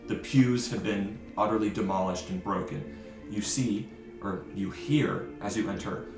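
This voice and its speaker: A man with a fairly low voice narrates as game master of a tabletop game, building scenes and correcting himself as he goes. His voice echoes in a roomy space, with music playing clearly behind him. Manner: descriptive, with frequent self-corrections.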